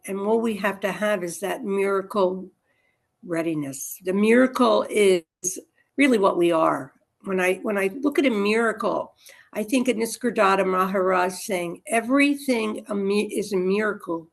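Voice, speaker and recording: Woman, gravelly voice, earnest reflective spiritual sharing. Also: medium pitch. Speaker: group member sharing reflections. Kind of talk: spiritual reflection in a casual group.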